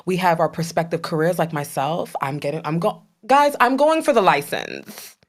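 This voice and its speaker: Animated young woman co-hosting a chat. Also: fairly low pitch, moderate pace. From Trinidad. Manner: animated, laughs often, playful asides. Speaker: podcast co-host. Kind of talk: casual chat.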